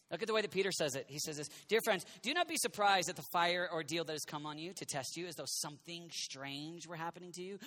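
A man preaching to a youth crowd, his voice pitched very high and swinging widely as he jokes, acts out quoted voices and now and then shouts. The tone is bright and forceful throughout. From United States. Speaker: youth minister. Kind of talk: energetic youth sermon.

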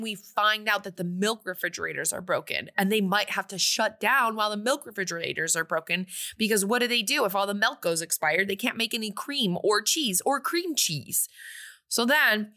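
A woman co-hosting a podcast, casually recapping a movie plot in a chatty, animated way with quoted asides. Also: medium pitch, moderate pace. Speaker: podcast co-host.

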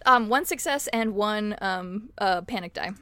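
A woman's voice: medium pitch, a bit bright. A woman playing a tabletop game, rambling in a casual, giggly way. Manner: giggly, rambling, quick laughs. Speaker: player.

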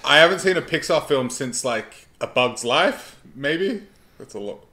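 A man co-hosting a podcast in casual chat. He mostly gives short reactions and dry teasing comments, and his pitch moves around a lot. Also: lively intonation, unhurried, bright, forceful tone. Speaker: podcast co-host.

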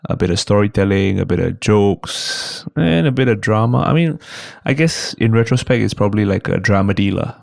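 A man's voice: fairly low pitch, normal speed, creaky, hardly any pauses, dry recording, clean studio sound. A man in his thirties with a Singaporean English accent, a guest comedian telling stories in a casual podcast chat. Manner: animated storyteller, slips into put-on voices.

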